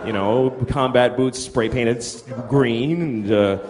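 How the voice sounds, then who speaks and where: At a live comedy venue, a man with a medium-pitched voice performs a slow, profane, ranting stand-up routine. The recording echoes like a live club and carries audience noise.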